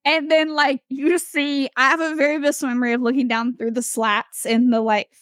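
A young woman telling a story in casual podcast chat, animated, laughing often and full of fillers. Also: sits high, fairly quick, no room sound, clean studio sound. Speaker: podcast host.

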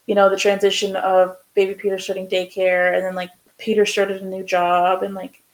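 A woman's voice: medium pitch, completely flat delivery, normal speed, low-quality recording. A young woman co-hosting a podcast, talking in a rambling casual way with lots of fillers. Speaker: podcast co-host. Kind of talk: casual chat.

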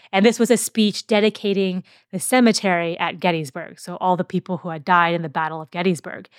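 A woman's voice: on the low side, no room sound, studio quality. A woman hosting a podcast, explaining history in a casual, conversational way with occasional fillers and restarts. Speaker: podcast host. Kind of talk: casual educational podcast talk.

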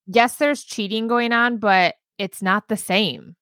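A woman's voice: mid-range voice, slow pace, fairly bright tone, no room sound, clean studio sound. A woman co-hosting a casual podcast, blunt and opinionated, swearing freely as she reacts to the show. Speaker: podcast co-host. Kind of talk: casual recap chat.

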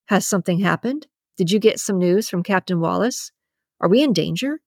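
A woman's voice: fairly low pitch, lively intonation, normal speed, darkish tone, no room sound, studio quality. A woman voicing a cocky, nosy male coworker who wisecracks and teases in an audiobook. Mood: teasing. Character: cocky, teasing male employee. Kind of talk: audiobook character reading.

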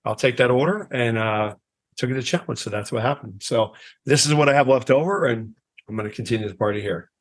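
A man's voice: medium pitch, brisk, breathy edge. A man hosting a podcast in loose, casual chat, swearing freely and laughing with his co-hosts. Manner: laid-back, swears casually, laughs often. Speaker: podcast host.

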